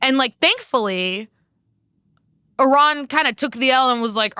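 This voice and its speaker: Bright, clear American woman podcaster. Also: high-pitched, expressive, a little slow, pauses often, dry recording, studio quality. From United States. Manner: candid, swears freely, lots of "like". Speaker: podcast co-host. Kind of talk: casual political chat.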